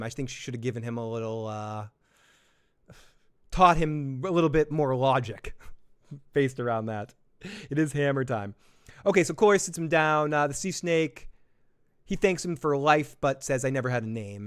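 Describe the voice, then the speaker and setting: A man's voice: fairly high pitch, clear, resonant tone. A man hosting a live episode reaction stream, talking casually with lots of swearing, laughs and self-deprecating jokes.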